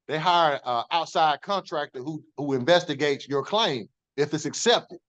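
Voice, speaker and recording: A man's voice: a little high, moderate pace, a bit bright. A man, a former corrections officer, telling his story in an interview, emphatic and profane, acting out the dialogue he quotes.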